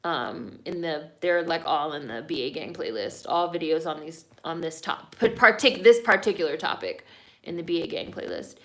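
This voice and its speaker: A woman's voice: low-pitched, moderate pace, a bit bright. A woman streaming live and reading viewer comments aloud, talking bluntly and loosely, with plenty of swearing and fillers. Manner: blunt, opinionated, frequently swearing; loose talk full of fillers like "like" and "y'all".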